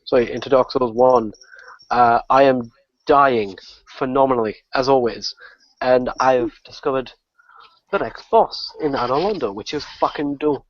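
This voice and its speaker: A man, a guest on a gaming podcast, telling a story in a profane, excitable way and laughing often. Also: mid-range voice, normal speed. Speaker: guest gamer. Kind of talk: casual podcast chat. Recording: dull lo-fi podcast audio.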